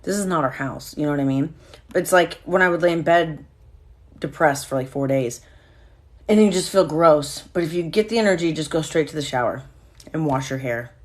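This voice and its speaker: Low-voiced woman hosting a casual live stream. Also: moderate pace, a little mellow. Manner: candid, swears freely, reads viewer comments aloud.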